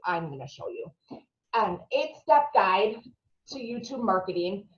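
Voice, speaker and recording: Minnesota-accented woman, chatty trainer on a video call, filler-heavy, echoey dull audio. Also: mid-range voice. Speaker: marketing trainer. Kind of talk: live video-call presentation.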